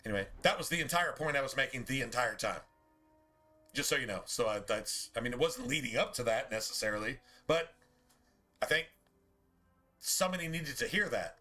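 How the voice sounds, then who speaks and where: A man's voice: mid-range voice, lively intonation, brisk, pauses often, pushed and bright, soft background music. A man streaming a game, talking in a casual, profane, preachy rant full of rhetorical questions.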